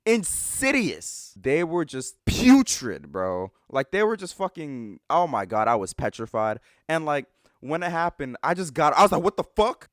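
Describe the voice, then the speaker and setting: A man telling a funny personal story in a storytime vlog, animated and exaggerated, swearing often. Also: mid-range voice, no room sound, clean studio sound. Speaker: vlogger.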